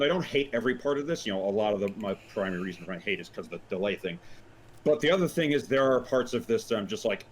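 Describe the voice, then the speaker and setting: A man's voice: fairly low pitch, slight background noise. A man co-hosting a commentary, rambling casually with lots of fillers about his own writing. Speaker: co-host and writer.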